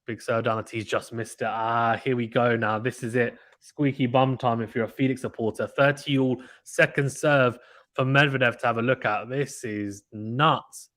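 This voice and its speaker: A man giving casual, excitable play-by-play commentary of a tennis match from home, chatting with viewers between points. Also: medium pitch, moderate pace. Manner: chatty, excitable, reacts loudly to misses. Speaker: live stream commentator.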